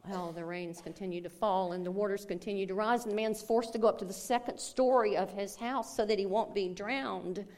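A woman pastor preaching a sermon, telling a story in a slow, deliberate way. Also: mid-range voice, steady tone, a little mellow.

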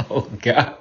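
A man's voice: fairly bright tone, highs cut off, slight background noise. A man giving an emotional, profane confessional monologue, near tears, laughing through his distress and dropping to whispers between outbursts.

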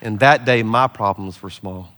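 A middle-aged man, a pastor, preaching a sermon with lively storytelling and laughter, easing into a soft, slow prayer. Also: lowish voice, a faint crowd, slight background noise. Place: large church hall.

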